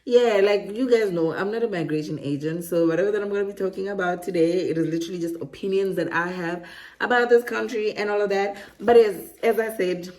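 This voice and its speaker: A woman's voice: medium pitch, brisk, a little mellow. A woman vlogging about relocating, chatty and digressive, often laughing at her own asides. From South Africa. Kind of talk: casual to-camera monologue.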